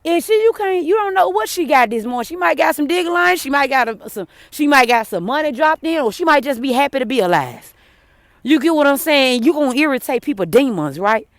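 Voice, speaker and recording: A woman talks straight to her viewers in a fairly high voice, calling them friend and swearing freely. She swings between heated, raised outbursts and quiet, hushed stretches. The sound is dry and close, with no room echo. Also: expressive, fairly quick. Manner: blunt, cursing, addresses viewers as friend. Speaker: vlogger. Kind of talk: emotional personal storytelling to camera.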